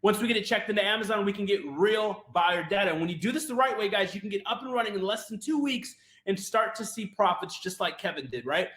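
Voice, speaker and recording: A man presenting a sales webinar, fast and hyped, often asking "right?" and talking to "you guys". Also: high-pitched, lively intonation, a bit bright, roomy sound.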